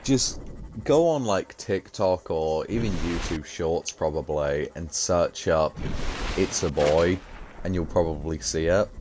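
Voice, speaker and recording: A man's voice: deep voice, a little slow, noisy background. A young man streaming a game, chatting casually and rambling with loose giggles. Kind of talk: casual gaming commentary.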